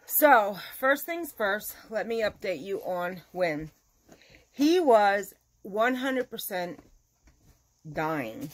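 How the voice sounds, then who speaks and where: Woman, crochet vlogger, casual chat, animated storytelling, mid-pitched voice. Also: a little hiss or hum.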